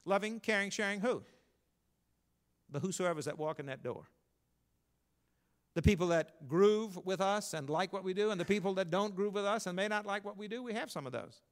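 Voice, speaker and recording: An older pastor with a drawl delivers his sermon in a folksy, storytelling way. His voice sits a little high for a man. He builds to emphatic points and then drops to a low, confiding tone. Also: expressive, brisk.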